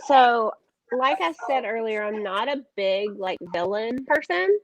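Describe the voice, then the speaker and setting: A woman's voice: a little high, animated, measured pace, no echo, poor audio. A woman in a casual chat, easygoing and laughing at her own stories.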